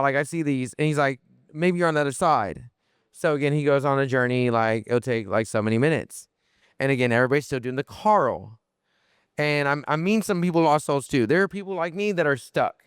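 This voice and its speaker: Young male podcast guest, smooth clear voice, mid pitch, animated rambling storyteller. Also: brisk, dry recording, clean studio sound. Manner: animated, lots of fillers and restarts, swears freely. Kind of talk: casual storytelling.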